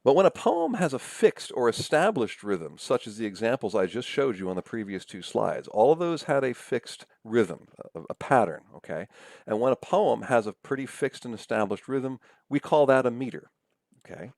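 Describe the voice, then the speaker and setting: A man giving a recorded lecture as a professor, speaking patiently, often checking in with "right?" and slowing down to sound out words. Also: medium pitch, big pitch swings, gravelly, a little mellow, dry recording, clean studio sound. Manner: slows down to sound out syllables.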